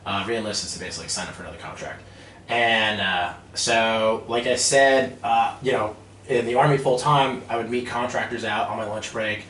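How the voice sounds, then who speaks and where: A man's voice: on the low side, fairly even intonation, normal speed, a bit bright. A man in his thirties, a podcast guest, telling stories casually with lots of fillers and laughter. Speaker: guest, real estate developer. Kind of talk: casual storytelling. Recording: echoey room, distant mic, faint noise.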